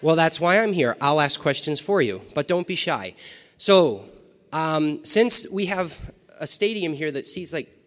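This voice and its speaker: A man moderating a fan panel, joking with the crowd and hyping it up with direct, energetic talk. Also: fairly high pitch, measured pace. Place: large half-full stadium. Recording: long reverb of a big arena.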